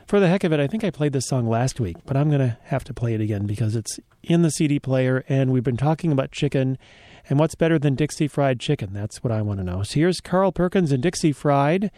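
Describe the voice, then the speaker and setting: Man, radio DJ, casual studio chat, mellow warm tone, dry close studio sound, joking asides. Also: medium pitch, lively intonation, brisk, dry recording. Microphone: studio mic.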